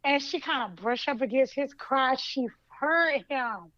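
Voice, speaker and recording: A woman podcast co-host casually retelling a fan story, acting out the characters' lines with lively colloquial talk. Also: high-pitched, unhurried, no room sound, highs cut off. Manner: animated storytelling in colloquial Southern US English, acts out lines.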